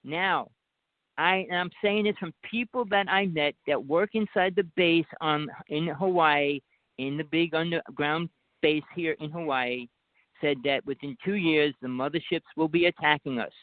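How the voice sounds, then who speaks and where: A man's voice: on the high side, normal speed, dry recording. Insistent New Jersey man over the phone. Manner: rambling, insistent, talks over others. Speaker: guest caller. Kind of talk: casual talk show chat. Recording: dry tinny phone line.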